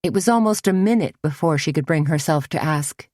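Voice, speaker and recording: A woman narrating a novel in measured, even storytelling. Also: low voice, no echo, studio quality. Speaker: audiobook narrator. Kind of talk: scripted narration.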